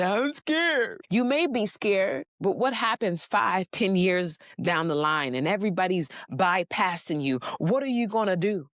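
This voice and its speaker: Low-voiced woman preaching. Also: no room sound, clean studio sound. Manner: preachy, with casual slangy asides. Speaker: faith speaker. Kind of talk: motivational sermon.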